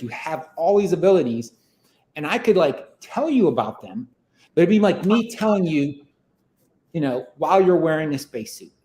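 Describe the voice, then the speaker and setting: A man's voice: fairly high pitch, darkish tone, roomy sound. A man telling a story in a casual, rambling way, full of fillers, as a podcast guest. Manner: rambling, many fillers like "like" and "you know".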